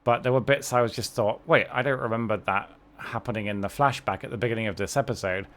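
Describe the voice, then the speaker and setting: A man's voice: fairly low pitch, quick pace, fairly bright tone. Rambling man streaming a game. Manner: rambling, self-correcting, wry. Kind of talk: casual livestream chat while gaming.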